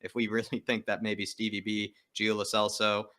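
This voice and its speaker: A man calls in as a guest, his voice sitting a little low. He speaks with emphatic, passionate conviction and leans hard on his points. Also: flat delivery, normal speed, pushed and bright. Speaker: guest caller. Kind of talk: casual chat.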